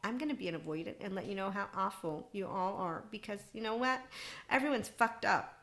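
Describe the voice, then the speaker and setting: A woman's voice: medium pitch, fairly quick, fairly bright tone. A woman in her forties hosting a podcast, talking alone in a loose, irreverent self-help monologue with laughing asides. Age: 40s. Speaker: podcast host.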